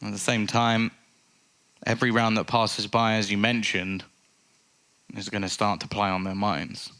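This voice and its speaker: A man giving live play-by-play commentary on an esports match, getting excitable on big plays. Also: on the low side, a little slow.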